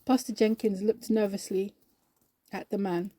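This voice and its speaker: A woman narrating a scripted story in a slow, measured reading voice. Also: medium pitch, flat delivery, warm tone, no room sound.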